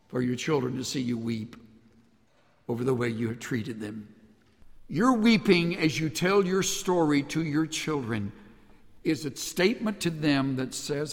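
A man preaching a sermon as pastor, earnest, dropping to soft hushed lines and rising to raised emphatic ones. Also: medium pitch, gravelly, big-room sound.

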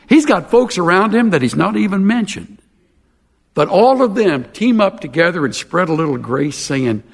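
A pastor preaching a sermon in a folksy, animated way with self-mocking humor. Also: male voice, fairly high pitch, normal speed, long reverb tail.

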